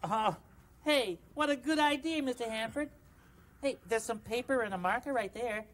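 A man voicing a big, friendly, childlike male bird on a children's TV show, gentle and eager to help. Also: very high-pitched, normal speed. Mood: cheerful. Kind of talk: children's TV puppet comedy.

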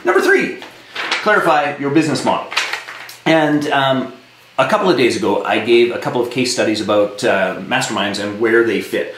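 A man's voice: medium pitch, lively intonation, normal speed, fairly bright tone, a little hiss or hum. A man from Saskatchewan, a business coach giving a blunt, emphatic live-streamed coaching talk, swearing when worked up. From Saskatchewan, Canada. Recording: roomy echo with faint ambience.

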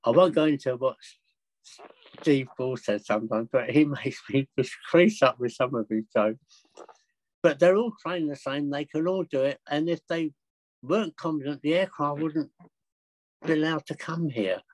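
An older man with a slightly high voice tells his flying stories in a chatty, excitable way. His voice sounds dry and close, with no room around it. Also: moderate pace, no echo, poor audio. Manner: chatty, excitable, laughs often. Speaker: podcast guest. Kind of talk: anecdotal storytelling.

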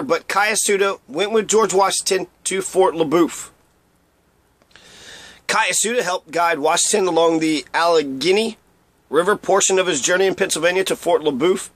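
A man's voice: high voice, fairly bright tone, no room sound. A man giving a casual, irreverent spoken history lesson with blunt asides, sometimes stumbling over and repeating names. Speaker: history presenter.

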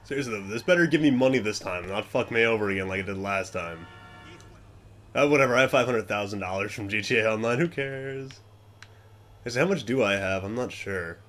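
A young man giving casual gameplay commentary, swearing often and muttering to himself, then yelling at other players. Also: lowish voice, lively intonation, fairly quick, slight background noise.

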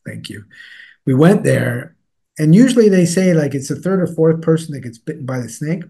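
A man's voice: a little high, expressive, a little fast, gravelly, mellow, breathy edge. A man in an interview, speaking as a newsletter editor in a rambling way, with many fillers and restarts. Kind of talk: casual interview talk.

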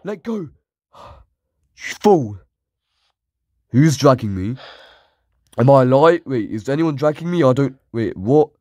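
A man's voice: medium pitch, expressive, moderate pace, a little mellow, no room sound. A man giving let's play commentary on a horror game, jumpy, shrieking at scares and taunting the enemies. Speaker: gaming YouTuber.

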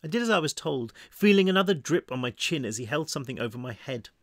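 A man reading his own novel aloud in first person, steady and measured. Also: on the high side, no room sound, clean studio sound. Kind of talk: first-person audiobook narration.

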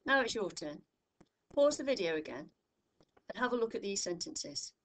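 A woman tutor giving a recorded grammar lesson, speaking clearly and patiently, from the United Kingdom, stressing each example phrase. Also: medium pitch, big pitch swings, normal speed. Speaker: English tutor.

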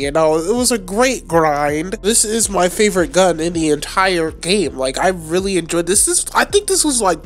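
A man giving live gameplay commentary at home late at night, trash-talking opponents and swearing a lot, with sudden high-pitched yells. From United States. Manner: excitable trash talk with frequent swearing. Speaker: gaming channel host.

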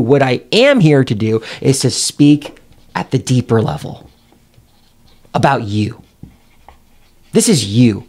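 A man's voice: fairly high pitch, takes it slowly. A man coaching on how to connect with people, speaking straight to the viewer in an emphatic, demonstrative way. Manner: animated, emphatic, addresses the viewer directly. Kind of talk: direct-to-camera teaching.

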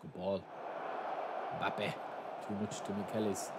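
Excitable young man commenting on gameplay. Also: lowish voice, slow. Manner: chatty, swings to loud excited shouting. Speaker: gaming channel host. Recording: steady background noise.

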